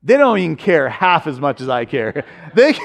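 A man's voice: a little high, very animated, normal speed, vocal fry, highs cut off. A man preaching a conversational sermon, telling stories with humor and asides and often asking listeners "right?". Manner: chatty storytelling with humor and asides. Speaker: pastor.

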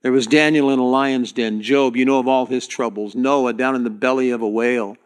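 A man's voice: medium pitch, fairly even intonation, fairly quick, clean tone. A male pastor preaching a sermon, putting questions to his congregation as he goes.

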